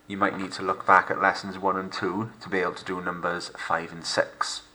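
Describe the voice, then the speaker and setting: Male teacher, deep bright voice, narrating a recorded French lesson with careful, slow pronunciation. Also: level tone, slight background noise. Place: home recording for lockdown learning.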